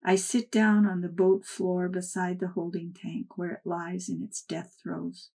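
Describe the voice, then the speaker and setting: Woman narrator, lowish voice, soft and measured memoir reading. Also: flat delivery, creaky, breathy edge. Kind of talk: first-person memoir read aloud.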